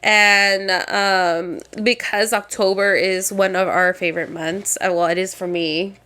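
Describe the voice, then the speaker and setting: A woman's voice: mid-range voice, steady tone, measured pace, bright, forceful tone. A young woman co-hosting a podcast in casual chat, congested from a cold, laughing often, swearing and slipping into Spanish. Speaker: podcast co-host.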